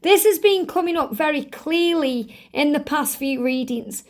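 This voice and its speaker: High-voiced woman giving a tarot reading. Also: expressive, a little slow. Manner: earnest, repetitive, gently emphatic. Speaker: tarot reader. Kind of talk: spiritual tarot card reading.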